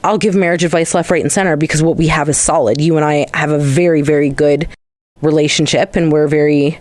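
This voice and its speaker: A woman's voice: low-pitched, fairly even intonation, a little fast, darkish tone, no room sound. A young adult woman, co-hosting a casual podcast chat, rambling through stories and swearing freely. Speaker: podcast co-host.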